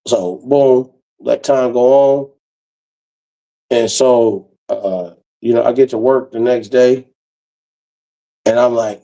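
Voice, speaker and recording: A man telling a comic story in a casual, profane, animated way, acting out the quotes. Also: medium pitch, takes it slowly, vocal fry, long pauses, poor audio. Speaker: comedian storyteller.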